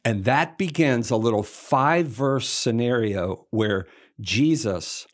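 A man teaching a Bible passage in a relaxed, conversational way, with playful slangy asides and lively acted-out quotes. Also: mid-range voice, slow. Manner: animated, acts out the crowd and Jesus in quoted voices.

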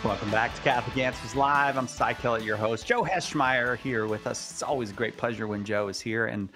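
A man hosting a radio talk show, chatting in a relaxed, joking way with plenty of filler words. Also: mid-range voice, fairly quick, music in the background.

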